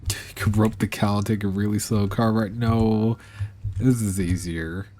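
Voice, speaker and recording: A man's voice: fairly low pitch, steady tone, moderate pace, warm tone, slight background noise. A man streaming live gameplay, chatting to his viewers and scolding the animals in the game, laughing and exasperated.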